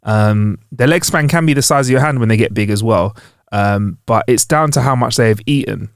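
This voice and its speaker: A man's voice: mid-range voice, normal speed, smooth, no room sound, studio quality. Sweary joking man on a podcast. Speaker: podcast co-host. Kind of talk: casual chat.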